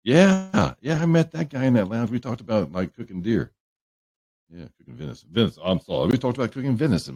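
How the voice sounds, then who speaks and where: A man with a very low, gravelly voice hosts a loose livestream, wandering from story to story and greeting viewers by name. His tone is dark and the sound is dry and close, with a lively, swooping delivery. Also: no room sound. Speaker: livestream host. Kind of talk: casual chat with viewers. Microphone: headphones on a livestream setup.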